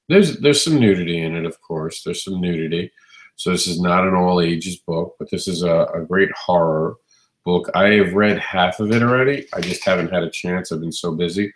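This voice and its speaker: A very low-voiced man hosts a live show, hoarse and a little growly because his voice has not yet recovered. He talks with eager enthusiasm, often restarting his sentences. He speaks close to a phone mic in a room with a noticeable echo. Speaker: host. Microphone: phone mic, standing close.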